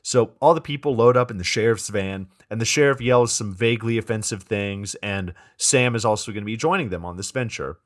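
A man's voice: on the low side, a little fast, hardly any pauses. A man co-hosting a podcast, recapping a movie plot in casual banter, amused and incredulous. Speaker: podcast co-host.

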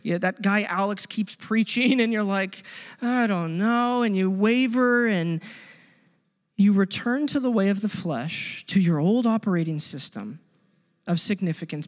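Male pastor, high voice, impassioned sermon, hushed-to-loud delivery, reverberant church hall. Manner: impassioned, swings between loud pleading and hushed intensity.

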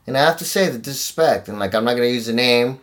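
A man's voice: mid-range voice, fast talker, a bit bright. A man, an actor, talking in a casual podcast chat, slangy and profane.

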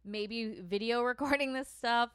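A young woman co-hosting a podcast, chatting in a bubbly, teasing way and quick to laugh. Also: a little high, a bit bright, smooth, no room sound, studio quality. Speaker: podcast co-host. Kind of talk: casual chat.

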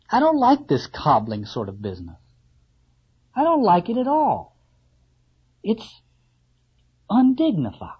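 A man's voice: sits high, darkish tone, breathy edge, pitched above the performer's own voice, exaggerated voice. A man putting on a fussy old ship's carpenter. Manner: eager questioning then indignant. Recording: slightly muffled lo-fi recording.

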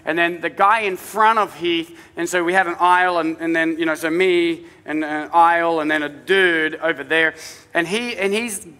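A man's voice: a little high, fairly even intonation, moderate pace, pushed and bright, clear, resonant tone, long reverb tail. A man with an accent, a pastor telling a self-mocking, chatty story in a humorous sermon in a church. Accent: non-native English accent.

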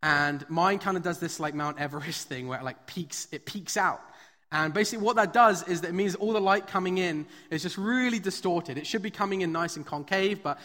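Bright-voiced man preaching in a hall. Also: high-pitched, fairly quick. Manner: conversational storytelling with frequent fillers. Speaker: pastor. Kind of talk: sermon. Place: church hall, live service. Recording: long reverb of a large hall.

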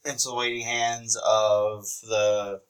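A man's voice: on the low side, slow pace, heavy background noise. Guy on a wrestling podcast, chatty, retells stuff with lots of energy. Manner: animated retelling with laughter and quoted voices. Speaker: podcast co-host. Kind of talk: casual wrestling chat.

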